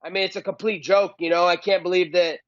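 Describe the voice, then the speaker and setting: A man's voice: sits high, steady tone, fast talker, no room sound, lo-fi sound. A man being interviewed as a fighter, talking trash in a cocky, mocking, boastful way.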